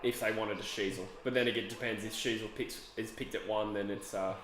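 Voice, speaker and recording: A man's voice: fairly low pitch, fairly even intonation, fast, fairly bright tone, slight background noise. A young Australian man hosting a casual live footy watch-along, laid-back, laughing often and trailing off. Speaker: podcast host. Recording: roomy echo, faint ambience.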